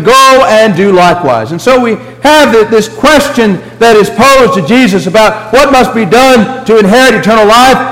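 A man preaching a sermon in a church, earnest, with a preacherly rise and fall that drops low for emphasis. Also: a bit bright, big-room sound, rough recording.

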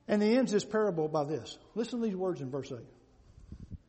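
High-voiced preacher in a reverberant hall. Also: male voice, expressive, normal speed. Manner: emphatic, repetitive, swings from loud to hushed. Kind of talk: sermon. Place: large hall with an audience.

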